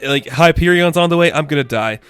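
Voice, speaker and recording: A man's voice: on the high side, a little fast, fairly bright tone, smooth, no echo, natural voice. A man voicing a panicky mercenary who swings between fear and nervous bravado. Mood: panicked.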